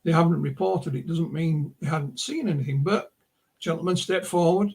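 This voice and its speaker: A man's voice: a little high, normal speed, vocal fry, darkish tone, husky. A middle-aged man, an author and publisher, telling rambling anecdotes as a guest in a casual interview. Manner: rambling anecdotal storyteller, full of asides. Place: remote interview call.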